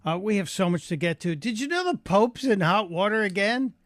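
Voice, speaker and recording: A man's voice: sits high, sing-song, a little fast, no echo. A man filling in as a radio talk show host, telling joking anecdotes in a chatty monologue from a studio microphone.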